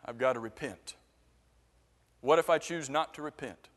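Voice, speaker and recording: A man's voice: medium pitch, normal speed, fairly bright tone. A man preaching a sermon who keeps asking the congregation questions and repeats words for emphasis. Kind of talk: interactive sermon. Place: church sanctuary. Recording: long church reverb.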